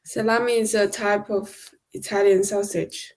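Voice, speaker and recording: A woman's voice: mid-range voice, level tone, measured pace, darkish tone. A woman co-hosting a language lesson, answering questions and carefully repeating words after the teacher. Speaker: co-host and practice partner.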